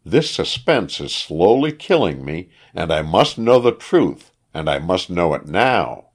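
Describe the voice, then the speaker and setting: A man reading an audiobook, voicing a grieving and vengeful wife in a raised falsetto, declaiming his lines. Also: big pitch swings, unhurried, exaggerated voice. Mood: demanding. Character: grieving vengeful wife, middle-aged woman.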